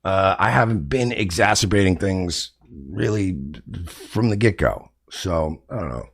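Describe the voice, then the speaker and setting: New york guy with a gravelly voice, defensive, lots of ums, pitch swings up and down. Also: expressive, measured pace. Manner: hesitant, defensive, many fillers. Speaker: streamer in a played clip. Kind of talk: casual monologue to viewers.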